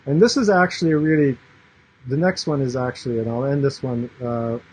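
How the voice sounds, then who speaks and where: Husky-voiced man talking to camera. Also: mid-range voice, fairly quick, darkish tone, poor audio. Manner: rambling, restarts, many fillers, earnest. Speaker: yoga and meditation teacher. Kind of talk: casual talk to camera.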